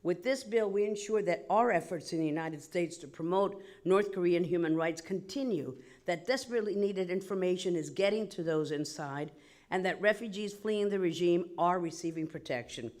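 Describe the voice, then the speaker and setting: A woman in Congress giving a formal, prepared statement at a committee hearing, slightly out of breath, listing points in a measured, emphatic way. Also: lowish voice, darkish tone. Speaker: member of Congress.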